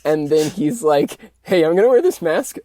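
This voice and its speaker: A woman's voice: deep voice, animated, moderate pace, warm tone, dry recording, studio quality. A woman co-hosting a casual book-club podcast, chiming in wryly and laughing along. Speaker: podcast co-host.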